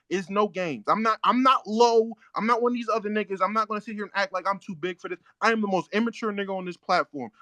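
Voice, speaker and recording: A man's voice: high voice, a bit bright, no echo. A man hosting a live audio chat room, blunt, profane and confrontational in a heated argument.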